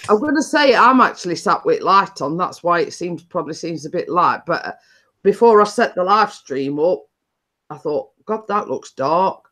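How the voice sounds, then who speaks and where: A woman's voice: lowish voice, animated, normal speed, fairly bright tone. A woman hosting a chatty live stream, telling stories in a rambling way with many restarts.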